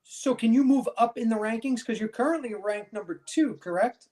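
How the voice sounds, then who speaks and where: A man's voice: very high voice, a little fast, warm tone. A man hosting a talk show in a chatty way, often saying "you know.". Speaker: show host.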